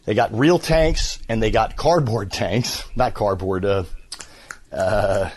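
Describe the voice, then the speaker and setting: A man in his fifties, a voice actor, telling stories in a casual interview with an animated, filler-laden manner. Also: fairly low pitch, slow. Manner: animated storyteller, many fillers. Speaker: voice actor, guest.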